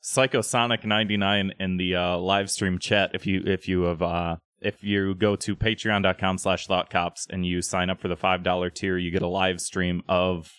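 A man's voice: low-pitched, level tone, normal speed, few pauses, a bit bright, smooth, dry recording, studio quality. A man co-hosting a podcast in casual chat, rambling and hesitant. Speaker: podcast co-host.

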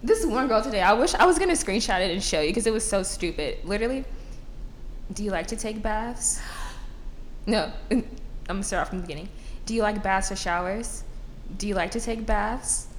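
A woman co-hosting a podcast in casual chat, talking in an animated way, laughing often and swearing freely. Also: mid-range voice, a little fast. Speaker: podcast co-host. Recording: echoey room with faint background noise.

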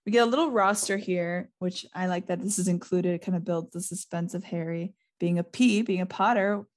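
A woman podcast host reading a novel aloud and recapping it with a guest, lively and quick, with small laughs. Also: on the low side.

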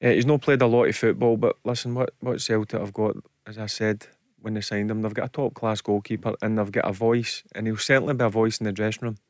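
Emphatic Scottish football pundit. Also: male voice, lowish voice, steady tone, fast talker, dry recording, studio quality. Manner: plain-spoken, emphatic, repeats for stress. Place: radio studio.

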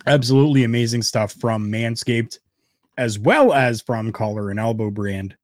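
A man hosting a wrestling podcast in casual, heartfelt talk, jumping from loud bursts to quiet asides. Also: medium pitch, moderate pace, dry recording. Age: adult, former wrestler. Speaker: podcast host.

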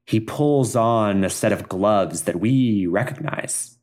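A man co-narrating an improvised story in a measured, deliberate way. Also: on the low side, lively intonation, a little mellow.

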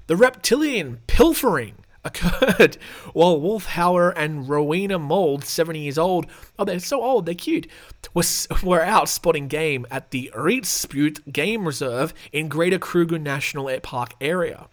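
Sarcastic Australian man, fairly high voice. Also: lively intonation, unhurried. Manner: sarcastic, rambling, swears freely. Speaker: podcast host. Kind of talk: casual podcast chat and news reading.

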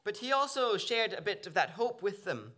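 Man, preacher, earnest sermon delivery, bright slightly high voice. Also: very animated, normal speed. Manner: earnest, searching, with small restarts. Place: church.

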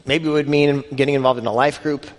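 Here a male pastor with a steady, mid-range voice preaches at a fast clip in a conversational manner. He builds emphasis and performs scripture passages in character, all inside a long hall reverb.

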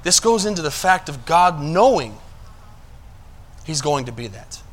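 A male pastor with a fairly high, sing-song voice delivers a sermon a little slowly. He checks that the congregation is keeping up and alternates between quiet asides and loud, emphatic passages.

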